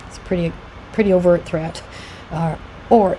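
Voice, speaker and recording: A woman's voice: fairly low pitch, fairly even intonation, normal speed, pauses often, dark tone, slight background noise, poor audio. A middle-aged woman giving a conversational educational talk about abuse, with frequent fillers, and she acts out quoted lines as she goes. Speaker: founder of a domestic abuse support group, presenter.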